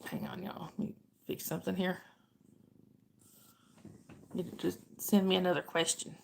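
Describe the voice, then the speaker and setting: A woman's voice: lowish voice, level tone, normal speed, creaky, a little hiss or hum. A middle-aged woman, hosting a casual livestream and chatting with viewers by name. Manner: chatty, greets viewers by name, answers chat questions. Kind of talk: casual live chat.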